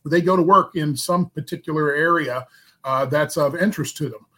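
A man who is a guest on a talk show, explaining his work in a relaxed, plainspoken way. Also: a little high, moderate pace.

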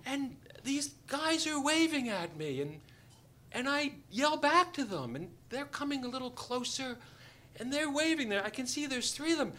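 In a very high voice at normal speed, a doctor shares a true story from his life with an audience. He's animated and funny, voicing the different people in the tale as live storytelling.

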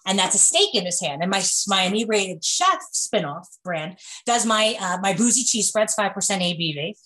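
A woman's voice: medium pitch, normal speed, rough recording. Joking woman with a New York accent. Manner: joking, animated, laughs often, many fillers. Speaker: business owner, guest. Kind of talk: video call interview.

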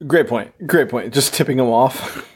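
A man's voice: mid-range voice, moderate pace, husky. A man co-hosting a podcast, chiming in with short remarks and laughing along during a casual movie recap. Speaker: podcast co-host.

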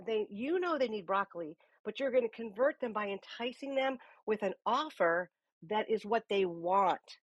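A woman's voice: mid-range voice, normal speed, no room sound, highs cut off. A woman hosting a live audio room as a business coach, talking energetically and checking in with her listeners. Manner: lively, uses many rhetorical "okay?" check-ins.

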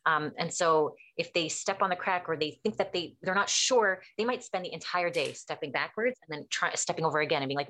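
Low-voiced woman explaining therapy casually. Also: moderate pace. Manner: animated storyteller acting out quotes.

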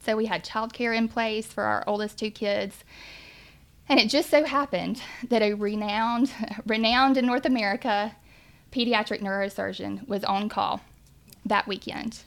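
A woman's voice: medium pitch, steady tone, unhurried, vocal fry, a bit bright. A woman, earnestly telling her family's faith testimony. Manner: earnest, emotional, faith-filled. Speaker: mother sharing a testimony. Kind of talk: personal testimony storytelling.

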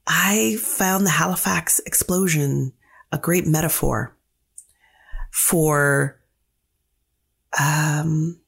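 A woman playwright being interviewed, telling stories in a lively way and acting out the quotes. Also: sits low, very slow, vocal fry, pauses often, slightly rough. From Canada. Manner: animated storyteller who acts out quotes. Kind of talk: casual interview talk.

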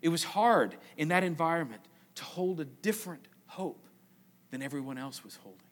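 Man preaching a slow, emphatic sermon. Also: fairly high pitch, expressive, slight background noise. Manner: slow emphatic repetition, trailing off quietly at phrase ends. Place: church.

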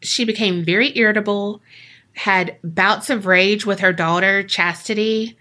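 A woman telling a ghost story on a podcast, slow and unhurried. Her voice is bright and chatty, peppered with "like". Her pitch sits in the middle. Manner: relaxed, chatty, lots of "like". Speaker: podcast co-host.

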